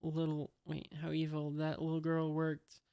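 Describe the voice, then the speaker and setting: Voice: medium pitch, unhurried, clear, resonant tone, no echo, lightly acted. A reader voicing a timid, kind-hearted boy while reading a comic aloud, saying his lines plainly. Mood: worried. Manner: reads the lines flatly, barely changing voice.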